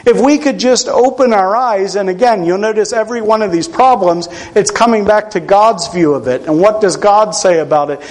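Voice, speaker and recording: A man from Pennsylvania delivers a sermon in a relaxed, conversational tone. His voice sits high for a man. He drops in dry jokes at his own expense as he teaches. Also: moderate pace, few pauses, poor audio. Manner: conversational, self-deprecating humor. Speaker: preacher.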